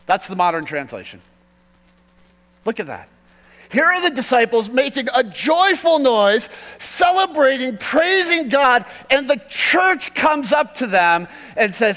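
A man preaching a sermon as pastor, swinging from loud emphatic peaks to quiet asides. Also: extremely high pitch, very animated, a little slow, in a large hall, low-quality recording.

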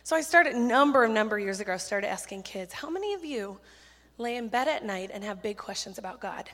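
A woman giving a sermon full of stories, talking in a chatty, animated, self-deprecating way with quick asides on a handheld mic in a church. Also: medium pitch. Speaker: children's ministry speaker. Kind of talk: sermon with storytelling. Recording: church hall reverb.

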